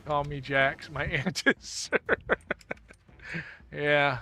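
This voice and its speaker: A man streaming a video game, chatting casually and jokily with viewers, thanking them and breaking into laughs and sudden loud exclamations. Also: on the high side, flat delivery, extremely slow. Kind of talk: casual live-stream chat while gaming.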